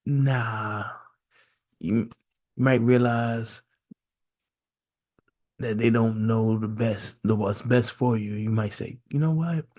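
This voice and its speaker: A man's voice: on the low side, level tone, takes it slowly, pauses often, darkish tone. A man hosting a solo podcast, musing aloud in a casual, repetitive way and firing off one rhetorical question after another. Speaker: podcast host.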